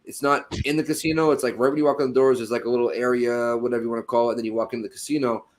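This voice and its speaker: A man's voice: medium pitch, little pitch movement, racing. A man co-hosting a casual sports podcast, telling a story in a loose, profane way. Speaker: podcast co-host.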